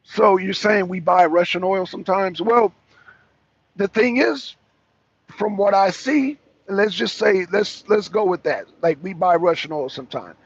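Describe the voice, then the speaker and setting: A man's voice: high-pitched, measured pace, breathy edge, no room sound. A man hosting a casual political talk show, speaking emphatically with a caller, repeating himself and restarting sentences often. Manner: emphatic and repetitive, with frequent restarts. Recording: dull lo-fi sound.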